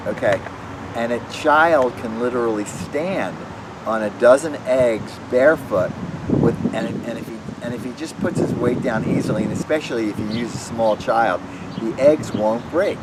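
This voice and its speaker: A man running a casual magic tutorial, rambling and animated, often restarting his sentences. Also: medium pitch, normal speed. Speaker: magician demonstrating tricks. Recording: distant mic with clear background noise.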